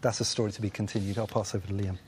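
A man teaching a Bible study group in a lively way, acting out the voices of people in the story. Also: fairly low pitch, racing, background noise.

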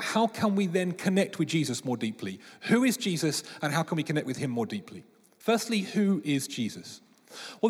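A man preaching a sermon, his fairly high voice swinging up and down with animated storytelling. He slips into playful voices for the people in his stories. The sound carries a long reverb from a large hall. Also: breathy edge. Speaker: pastor.

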